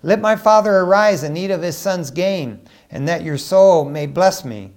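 A desperate grown son begs his father in a raised, pleading voice, as a male preacher reads his lines aloud. The voice sits high and strains upward. It sounds like a reading from the pulpit more than a full performance. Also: lively intonation, normal speed.

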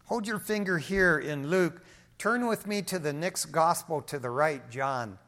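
A man preaching from the pulpit, his voice sitting a little high. He drops to near hushed lines and then climbs to loud, emphatic ones, and he slips into casual storytelling with a touch of humor. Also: measured pace. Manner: preaching with big swings in volume, from hushed to emphatic; telling everyday stories with light humor. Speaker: pastor. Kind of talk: sermon.

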